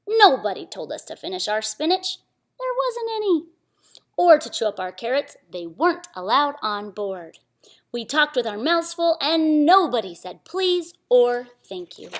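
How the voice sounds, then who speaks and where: Woman storytime reader, bright higher voice, very lively, sing-song, whispers for effect. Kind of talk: children's picture-book read-aloud.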